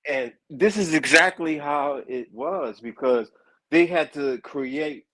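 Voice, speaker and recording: A man, chatting casually as co-host in an animated, profane, mocking way. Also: on the high side, takes it slowly, poor audio. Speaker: co-host reacting to trial footage. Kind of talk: casual chat.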